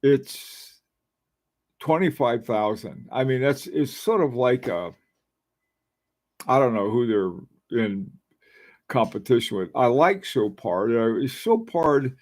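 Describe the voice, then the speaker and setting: A middle-aged man talks slowly and unhurriedly in a casual live-stream chat. His voice sits at an ordinary middle pitch. He rambles, muses aloud and restarts his sentences often. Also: expressive, darkish tone. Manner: rambling, musing, frequent fillers and restarts. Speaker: watch channel host.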